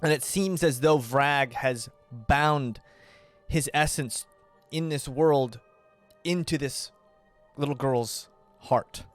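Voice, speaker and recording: A man narrating a tabletop game as game master, describing scenes in a measured way. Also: medium pitch, soft background music.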